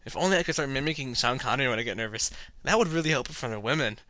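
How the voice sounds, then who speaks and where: This North Carolina man hosts a movie podcast and reviews films, rambling along in a casual monologue. His medium-pitched voice is expressive, bright, and pushed, racing very fast on a dry recording as he chats and jokes at his own expense.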